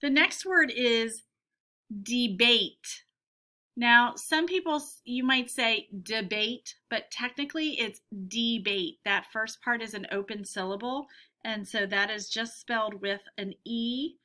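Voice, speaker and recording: A woman teacher giving a phonics lesson to young children, saying each word slowly and clearly twice. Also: a little high, pushed and bright. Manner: slow, clear word-by-word dictation.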